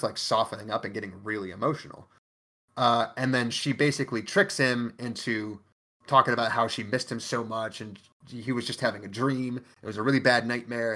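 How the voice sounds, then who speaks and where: A man's voice: mid-range voice, pushed and bright. A man co-hosting a podcast, casually recapping an anime in a profane, emphatic way. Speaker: podcast co-host.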